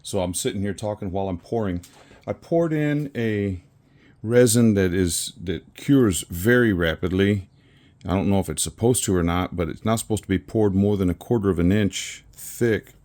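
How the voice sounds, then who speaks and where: A man's voice: low-pitched, moderate pace, darkish tone. A man casually talking through a resin pour as he works, rambling and correcting himself and chuckling at his own slips. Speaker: resin crafter. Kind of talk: casual crafting narration. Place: home craft workspace with camera on a tripod.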